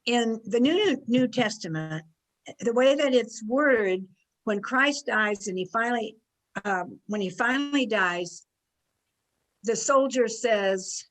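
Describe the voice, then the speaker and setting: Study group member, female, slightly high voice, casual and searching. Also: animated, slow pace, low-quality recording. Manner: searching, conversational, trails off.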